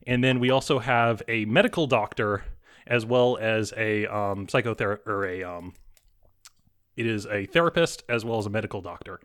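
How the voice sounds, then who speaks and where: A man narrating a tabletop horror game as game master, halting with many pauses and restarts. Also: lowish voice, a bit bright, clear, resonant tone.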